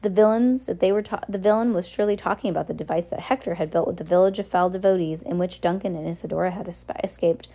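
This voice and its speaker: A woman's voice: on the low side, fast, hardly any pauses, mellow. A woman casually reading a novel aloud, stumbling and correcting herself as she goes. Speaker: reader.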